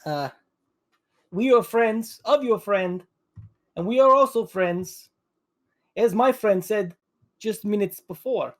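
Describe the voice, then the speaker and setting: A tabletop player voicing a friendly male dragonborn adventurer, speaking slowly and earnestly in simple, repeated words. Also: mid-range voice, expressive, voice pushed up.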